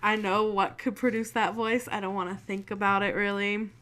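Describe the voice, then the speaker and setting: A woman's voice: medium pitch, little pitch movement, moderate pace, a bit bright. A young woman hosting her channel, chatting casually and telling spooky stories, swearing freely and acting out what people said. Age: young adult. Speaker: channel host.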